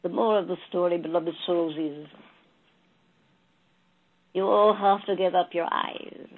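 A woman channeling a spiritual message, telling a fable slowly and calling her listeners beloved souls. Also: lowish voice, fairly even intonation. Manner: slow, storytelling, addressing listeners as beloved souls. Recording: tinny phone-like audio.

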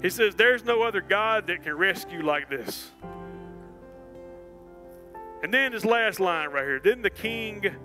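A man preaching a sermon in a church, animated and folksy, full of restarts and asides. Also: high voice, moderate pace, soft background music, rough recording. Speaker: pastor. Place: church sanctuary.

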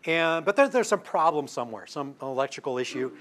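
A man's voice: a little high, lively intonation, fairly quick, a bit bright. An older man giving a public science talk, telling anecdotes with asides and restarts. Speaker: lecturing astronomer.

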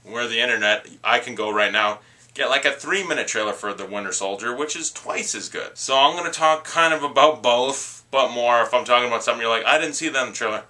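A man's voice: medium pitch, a little fast, pushed and bright. A man reviewing movie trailers in a casual, rambling, opinionated rant.

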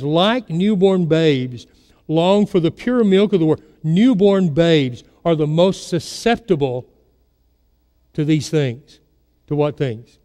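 Preacher with a higher, mellow voice. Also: male voice, big-room sound. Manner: storytelling preacher, asks the congregation questions. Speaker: pastor. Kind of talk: sermon. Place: church sanctuary.

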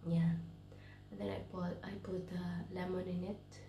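A woman's voice: lowish voice, flat delivery, normal speed, vocal fry, reverberant, background noise. A woman vlogging from a bedroom while sick with a cold, speaking tiredly and often dropping to a whisper. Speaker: vlogger, English teacher. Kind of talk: casual vlog chat. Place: bedroom at home, in self-quarantine.

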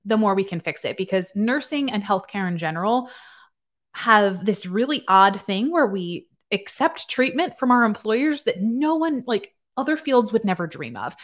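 A woman in her thirties, a nurse practitioner, giving sarcastic, chatty reaction-video commentary full of fillers. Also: medium pitch.

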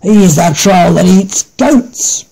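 A man voicing a big, sensible male billy goat who speaks in a steady, cautious way. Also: high-pitched, slow pace, full character voice, low-quality recording. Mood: wary.

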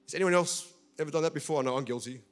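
A man's voice: fairly high pitch, rapid-fire. A man preaching as senior pastor at a church service, telling a story and appealing earnestly and directly to his listeners. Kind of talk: sermon.

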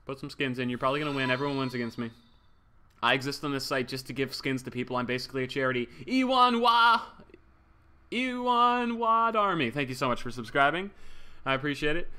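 A man's voice: medium pitch, level tone, racing, pushed and bright. A young man streaming a game, chatting casually, joking, swearing and thanking subscribers as he reads the chat. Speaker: livestreamer.

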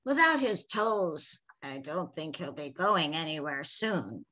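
Unhurried old village healer, dry grumbles, lively lilt, as a woman reads him in a folktale. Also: low-pitched, full character voice. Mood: calm. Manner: calm, drawling, grumbling.

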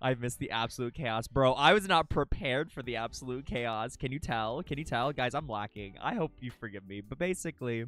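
Bright, lively-pitched live streamer. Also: moderate pace. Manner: rambling, greets chat by name, swears casually. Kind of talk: casual live-stream chat with viewers. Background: faint background music.

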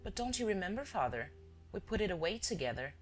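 A woman voicing a gentle, innocent young daughter who speaks softly. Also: mid-range voice, sing-song, fast, over music, voice pushed up, close to an everyday voice. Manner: soft, murmuring.

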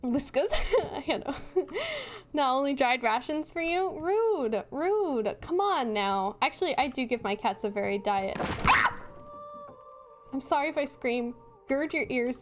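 A woman's voice: high voice, lively intonation, moderate pace, a little hiss or hum. A woman live-streaming a horror game, chatting and apologizing to viewers, laughing nervously and breaking into sudden screams. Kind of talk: casual live-stream chat.

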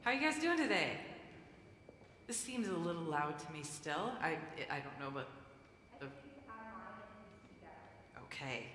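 A woman's voice: sits low, expressive, unhurried, pauses often, a bit bright, slight background noise. A woman pastor leading prayer and then giving a playful, coaxing children's message during a church service. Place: church sanctuary. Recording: echoey church hall with long reverb.

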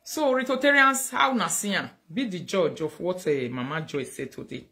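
A woman with a Nigerian Pidgin English accent hosting a casual livestream, animated, thanking viewers loudly and switching into Pidgin. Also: sits low, normal speed, gravelly. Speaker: livestream host.

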